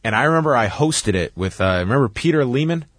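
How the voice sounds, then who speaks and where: A man in his thirties co-hosting a podcast, chatting in an animated, nostalgic way. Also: mid-range voice, fast, dry recording, studio quality. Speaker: podcast co-host. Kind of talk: casual chat.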